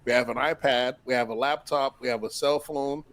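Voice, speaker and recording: A man's voice: medium pitch, steady tone, brisk, a bit bright. A young man co-hosting a casual podcast chat, boasting and sometimes talking with food in his mouth. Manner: boastful, talks while eating. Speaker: podcast co-host.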